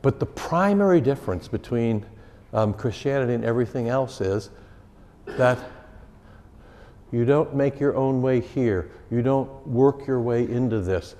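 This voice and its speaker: A man's voice: medium pitch, lively intonation, unhurried, mellow. A man, a pastor, teaching a catechism class in a conversational way and repeating key phrases for emphasis. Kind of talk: informal teaching talk. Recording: long reverb of a hall.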